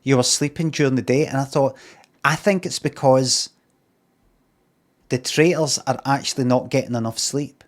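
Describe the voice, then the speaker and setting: A Scottish man impersonating a clever male TV panelist, musing aloud in a halting way. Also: mid-range voice, natural voice.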